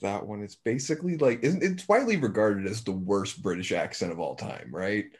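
A man chatting casually on a podcast, animated and quick to laugh. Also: lowish voice. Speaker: podcast co-host. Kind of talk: casual chat.

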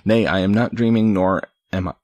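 A man's voice: sits low, fairly even intonation, darkish tone, no room sound, lightly acted. Little John, a man reading as a bold outlaw. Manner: slow archaic storybook delivery.

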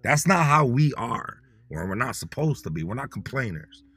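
A man hosting a podcast, teaching Dakota words in a casual, motivational way. He talks bluntly and in slang, and repeats words slowly for listeners to say along. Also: mid-range voice, sing-song, fairly bright tone, breathy edge, no echo.

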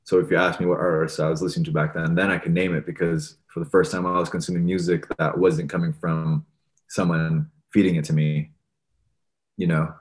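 A young man being interviewed as a musician guest talks briskly in a low voice. He's relaxed and rambling, peppering his speech with "like" and "you know."

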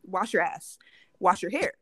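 Young woman podcast co-host, lively storyteller who acts out the quotes, dry close sound. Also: mid-range voice, a little slow, breathy edge, dry recording. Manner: animated storytelling with lots of acted-out quotes. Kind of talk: casual podcast chat.

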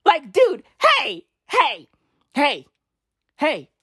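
A woman's voice: sits high, wildly swooping pitch, drawn-out words, a bit bright, no room sound, studio quality. A young woman, ranting in slangy, profane commentary and repeating tag questions. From South Africa. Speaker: vlogger.

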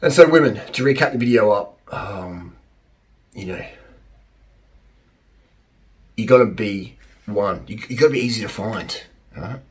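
A man's voice: fairly low pitch, lively intonation, moderate pace. A middle-aged man giving blunt dating advice in a casual monologue, joking and repeating his points.

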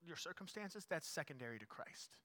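A man preaching a sermon as pastor, repeating his points, rising to loud emphatic peaks and dropping to quiet asides. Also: fairly high pitch, animated, fairly quick. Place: church.

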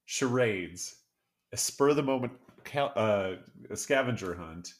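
A man co-hosting a laid-back music podcast, talking in a lowish voice. He tells stories with enthusiasm and laughs often, easy and conversational. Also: lively intonation, unhurried. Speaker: podcast co-host. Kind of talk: casual chat about songs.

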